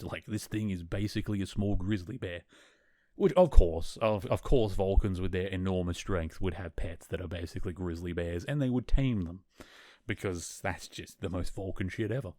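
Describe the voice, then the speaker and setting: A chatty male podcast host with a low-pitched voice, rambling through an episode recap with easy enthusiasm. He often corrects himself mid-thought. The sound is close-miked and dry, with no room echo. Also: a little mellow. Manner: chatty, enthusiastic, self-correcting, laughs now and then. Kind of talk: casual chat, recapping an episode.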